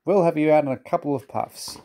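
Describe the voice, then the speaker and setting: A man voicing a big, proud male express engine, grand and gruff in manner, for a storybook reading. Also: a little high, a little fast, dark tone, pitched above the performer's own voice, lightly acted.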